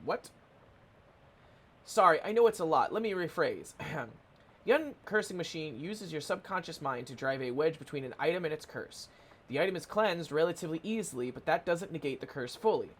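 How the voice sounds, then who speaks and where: A man's voice: a little high, lively intonation, normal speed, fairly bright tone. A man voicing a chatty game character who patiently explains a strange machine. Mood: explaining.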